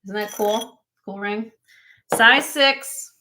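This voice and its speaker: A woman hosting a casual live jewelry sale from home, briskly listing rings and sizes with chatty asides. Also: a little high, noisy background. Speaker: host selling jewelry on a live stream.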